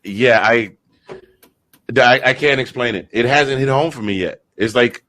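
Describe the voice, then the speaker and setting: A man in his fifties, a guest short on sleep, telling an excited sports story with many restarts. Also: mid-range voice, a little slow. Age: 50s. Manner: animated storyteller, stumbling restarts.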